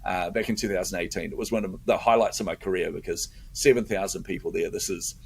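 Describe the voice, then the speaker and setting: A man's voice: low-pitched, fast talker, a little hiss or hum. A middle-aged man tells a story in a casual interview, acting out his own inner voice. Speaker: podcast host telling a story as a guest.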